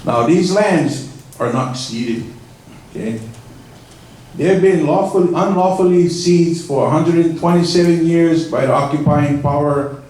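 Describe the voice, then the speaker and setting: A man's voice: fairly high pitch, measured pace, a little mellow. Impassioned man testifying in an echoey hall. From Hawaii. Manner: impassioned, insistent. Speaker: public commenter at a planning meeting. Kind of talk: public testimony. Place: public meeting hall. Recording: echoey meeting room from far off.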